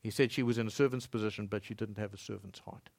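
A man preaching a sermon as pastor in a church, swinging between loud emphatic lines and soft low passages. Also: fairly even intonation, quick pace, creaky, no room sound.

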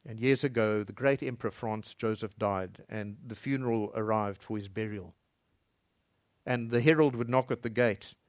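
A man preaching a sermon as pastor in a church, swinging between loud emphatic lines and soft low passages. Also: moderate pace, no room sound.

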